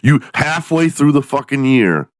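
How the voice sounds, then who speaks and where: A man from Texas hosting a podcast, ranting in a profane, animated way and acting out the people in his stories. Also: mid-range voice, measured pace, dry recording. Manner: profane, animated storytelling with mock voices. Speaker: podcast host. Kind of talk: casual comedic podcast rant.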